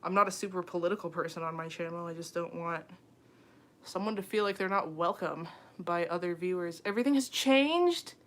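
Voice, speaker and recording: A woman's voice: fairly low pitch, fairly even intonation, brisk, fairly bright tone, a little hiss or hum. A young woman hosting a late-night phone livestream, reading viewer comments and chatting casually, giggling often and filling her talk with "um" and "like". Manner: chatty, giggly, heavy on fillers like "um" and "like".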